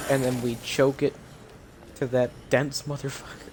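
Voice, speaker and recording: A man's voice: mid-range voice, level tone, normal speed, noisy background. Cursing male gamer streaming live. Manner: frustrated, swears a lot, talks to himself. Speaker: video game streamer. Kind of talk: live gameplay commentary. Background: game music.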